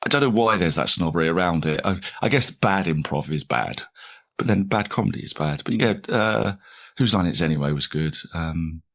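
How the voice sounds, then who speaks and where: Very deep-voiced man rambling self-deprecatingly. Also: lively intonation, fairly quick, a bit bright. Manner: rambling, self-deprecating, frequent restarts and laughs. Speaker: comedian guest. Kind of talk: casual interview chat.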